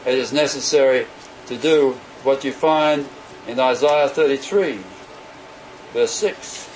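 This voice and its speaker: A man preaching a sermon in an animated way, often acting out the voices of the people he quotes. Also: mid-range voice, slow pace, a little hiss or hum, poor audio.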